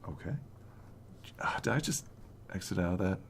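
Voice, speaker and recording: A man running a tabletop game as game master, animated and laughing, acting out the characters' lines. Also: low-pitched, normal speed, vocal fry, slight background noise.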